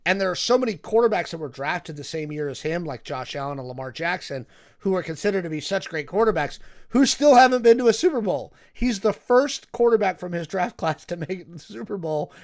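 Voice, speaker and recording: A man's voice: high voice, brisk. A man co-hosting a casual talk show, telling stories with lots of "right?" tags and fillers. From Seattle area, United States. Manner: animated storytelling, many fillers and "right?" tags. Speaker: co-host. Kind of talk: casual podcast chat.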